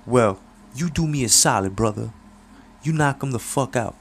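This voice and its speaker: A man putting on a high-pitched slick hustler voice. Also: lively intonation, normal speed, creaky, slight background noise. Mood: cocky. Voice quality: high slangy street voice. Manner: swaggering, streetwise slang. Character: slick smooth-talking male hustler, cocky and friendly.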